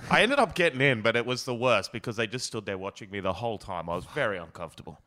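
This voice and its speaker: Bright-voiced Australian guy telling stories. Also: lowish voice, fairly even intonation, quick pace. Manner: rambling anecdotes full of "like", acting out other people's lines. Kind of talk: casual comedic storytelling.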